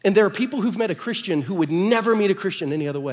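A middle-aged man with an American accent, preaching a sermon and telling family stories in an animated way, acting out the dialogue. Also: sits high, racing. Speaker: pastor. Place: church sanctuary. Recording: reverberant church hall.

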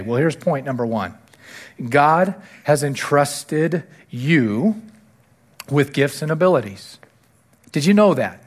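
A male pastor delivering a sermon to his church, repeating key phrases and lifting his voice to stress them. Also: fairly high pitch. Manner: preaching with rising emphasis on key phrases.

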